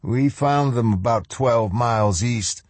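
Disfigured cruel soldier, clipped and eager, man voices him; husky, dry read. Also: mid-range voice, takes it slowly, no echo, voice pushed up. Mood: reporting.

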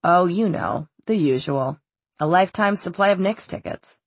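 Jace is a guarded young man with a wry, offhand way of talking, voiced by a woman narrating an audiobook. His lines sit slightly lower and come out breathy. The sound is close and dry, with no room around it. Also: moderate pace, dry recording. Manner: light, dry, understated.

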